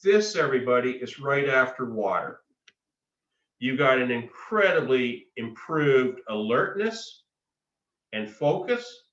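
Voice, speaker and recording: A man presenting a webinar workshop, teaching in a slow, emphatic way with frequent pauses. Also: mid-range voice, big pitch swings, fairly bright tone. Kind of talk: webinar lecture. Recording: echoey, distant, dull lo-fi audio.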